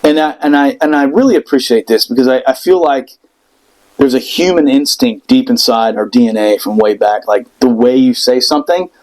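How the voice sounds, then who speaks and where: A middle-aged man casually telling a story on a podcast, animated, acting out what people said and swearing freely. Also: medium pitch, brisk, rough recording.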